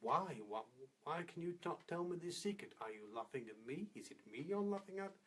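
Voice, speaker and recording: A man's voice: a little high, expressive, moderate pace, slightly rough, voice pushed up. A man voicing a farmer's wife in a storybook fable, persistent and needling. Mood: suspicious. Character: nagging, insistent farmer's wife.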